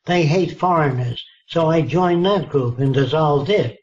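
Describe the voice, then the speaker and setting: A man's voice: on the high side, measured pace, a little mellow, muffled recording, a little hiss or hum. A man in his nineties telling anecdotes in an interview, acting out quoted dialogue with emphatic asides. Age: 90s. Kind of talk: storytelling in a relaxed interview.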